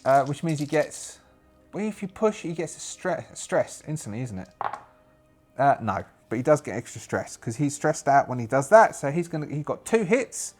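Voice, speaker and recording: A man's voice: on the high side, big pitch swings, normal speed, darkish tone, soft background music. A British man running a solo tabletop game, hesitant and thinking aloud with many fillers and restarts. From Britain.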